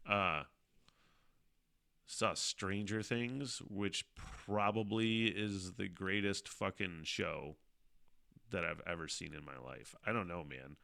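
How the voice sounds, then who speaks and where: A middle-aged man hosting a casual solo podcast, rambling and swearing often, animated, with frequent laughs. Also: sits low, slow, gravelly. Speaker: podcast host.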